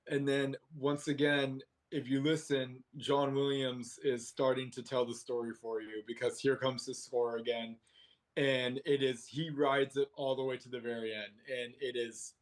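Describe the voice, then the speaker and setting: A man hosting a casual movie discussion podcast, animated and laughing often. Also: mid-range voice. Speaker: podcast host.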